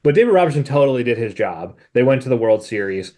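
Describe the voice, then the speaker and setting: A man's voice: mid-range voice, big pitch swings, fast talker, a little mellow. An American man co-hosting a podcast in casual chat, rambling and laughing often. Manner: rambling, laughs often, frequent "you know". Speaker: podcast co-host.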